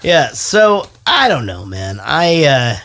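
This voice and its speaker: A man's voice: medium pitch, very animated, slow pace, a bit bright. A man hosting a movie podcast, talking casually, rambling and swearing freely. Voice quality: profane, rambling. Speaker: podcast host. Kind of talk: casual movie review chat.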